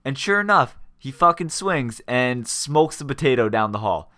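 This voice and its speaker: Animated young man telling a story. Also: mid-range voice, moderate pace. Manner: animated, swears freely, laughs while telling. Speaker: gaming channel host. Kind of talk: casual storytelling vlog.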